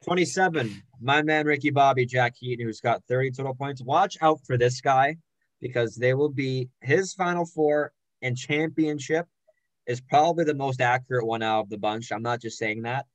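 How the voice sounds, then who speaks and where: A young man hosts a casual sports podcast and reels off names and scores with plenty of teasing asides. His voice sits at an ordinary pitch. The recording is dry and close, with no room around it. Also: moderate pace, no room sound, muffled recording. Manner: jokey, rattles off names and standings. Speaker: podcast host.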